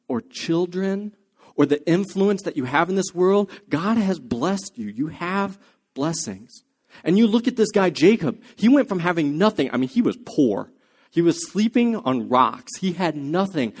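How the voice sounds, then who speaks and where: A man's voice: on the high side, a little mellow. A man preaching a sermon, earnest, asking his listeners many rhetorical questions. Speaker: pastor.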